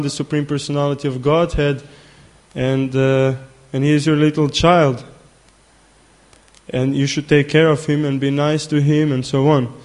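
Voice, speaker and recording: A man giving a spiritual talk who tells a story in a halting way, repeating words and filling gaps with "uh". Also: fairly high pitch. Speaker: spiritual teacher. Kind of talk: sermon with storytelling.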